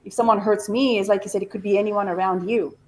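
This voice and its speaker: A woman speaks as a podcast guest, halting and full of fillers. A faint ambient hiss sits behind her voice. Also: mid-range voice, fairly even intonation. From Italy. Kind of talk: casual chat.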